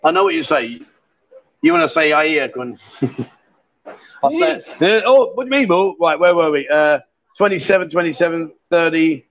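A man with a high, light voice hosts a live stream from a bar, teasing and joking with his guests in easy banter. The audio is dull and lo-fi. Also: lively intonation, normal speed, long pauses. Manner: teasing, jokey and chatty. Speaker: livestream host.

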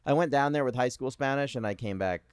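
A young man chatting casually as a guest, relaxed and easy-going, his voice often trailing off quietly at the end of a thought. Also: mid-range voice, fast, clear, resonant tone, dry recording, clean studio sound. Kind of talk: casual conversation.

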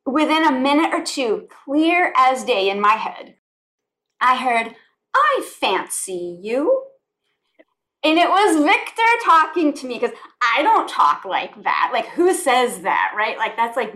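On a conversational podcast interview, a woman guest who works as a spiritual life coach in the United States speaks with a fairly high, fairly bright voice. Her manner is heartfelt and earnest, and she frequently repeats phrases.

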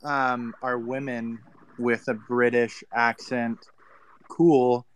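A man's voice: mid-range voice, level tone, slow pace, a little hiss or hum. A man co-hosting a casual online talk, teasing and sarcastic with guests. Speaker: co-host. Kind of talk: casual chat.

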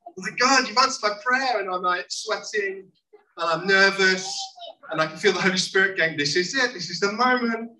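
A preacher telling a story to a congregation in a lively sermon style, acting out the people in it. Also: mid-range voice, moderate pace. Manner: animated, acts out quoted voices. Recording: echoey room, mic at a distance, faint noise.

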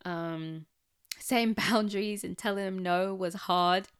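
A woman's voice: mid-range voice, takes it slowly, clean tone. A woman reflecting on raising her nieces in candid personal chat, with plenty of "like" and "um". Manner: candid, chatty, with frequent "like" and "um".

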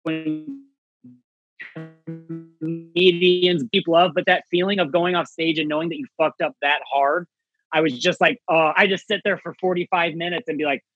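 A male comedian telling a story in casual chat, animated and acting out voices with big jumps in pitch. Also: moderate pace, long pauses, no echo, muffled recording, soft background music.

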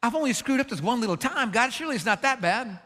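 A man's voice: very high voice, animated, fast, bright, forceful tone, pitched above the performer's own voice, full character voice. A man voicing a whiny, excuse-making ancient pharaoh who minimizes his wrongdoing. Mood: wheedling. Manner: wheedling, minimizing. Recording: long hall reverb.

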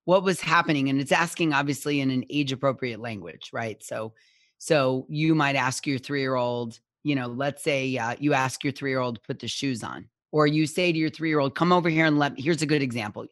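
Animated woman guest, dry close sound. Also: rumbling low, moderate pace, dry recording. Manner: animated, acts out parent and child quotes, keeps asking "right?". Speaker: parenting guest expert. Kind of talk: conversational interview.

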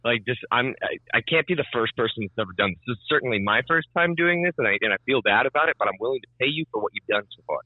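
A man's voice: mid-range voice, expressive, quick pace, few pauses, no room sound, narrow, tinny audio. A young man telling a story in casual chat, swearing freely and acting out both sides of the conversation. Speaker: storyteller on a podcast.

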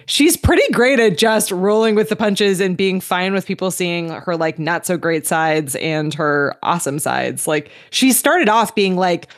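A woman's voice: fairly low pitch, animated, a little slow, hardly any pauses, no echo, studio quality. A woman guest chatting casually on a podcast, laughing often and filling with "like".

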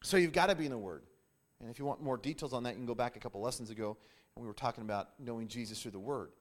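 A man's voice: mid-range voice, racing. Emphatic male Bible teacher. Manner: emphatic, repetitive, with frequent restarts and "hey". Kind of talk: sermon-style lesson.

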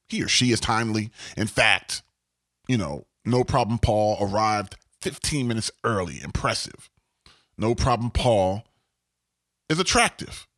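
A man talking through a casual podcast monologue in a mid-range voice that swings widely in pitch. He is emphatic and repetitive and keeps tagging lines with "all right?", with the sound close and dry with no room echo. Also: a bit bright. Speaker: podcast host.

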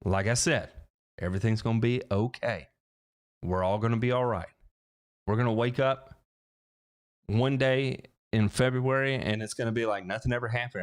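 A man's voice: mid-range voice, fairly even intonation, moderate pace, long pauses. A man hosts a laid-back livestream question session, talking loosely and restarting his sentences often. He slips in joking asides as he goes. He speaks into a headset microphone. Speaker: host of a lawn care livestream. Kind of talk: casual livestream Q&A. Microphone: headphones with mic.

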